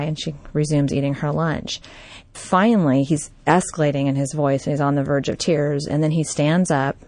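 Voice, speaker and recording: A woman's voice: sits low, steady tone, moderate pace, darkish tone, no room sound. A woman, a former behavior specialist, telling a personal story from her work and quoting the people in it. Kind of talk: personal anecdote talk.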